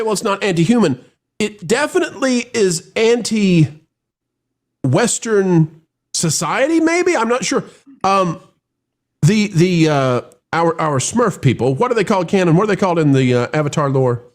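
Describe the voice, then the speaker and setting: A man hosting a live film review show, talking in an animated, rambling way with frequent restarts. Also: sits high, normal speed.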